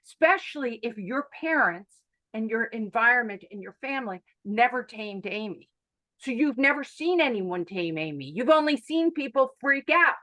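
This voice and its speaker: A woman teaching an online mindfulness workshop over a video call, animated and emphatic, who repeats her key phrases. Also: medium pitch, poor audio. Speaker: workshop instructor.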